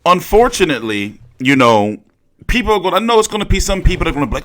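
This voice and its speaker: A young man talking through a boxing press conference in loose, profane chat, his pitch sitting a little high and swinging widely. He gets carried away and breaks into loud, excited outbursts. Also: brisk. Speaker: boxing commentator. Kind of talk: casual reaction commentary.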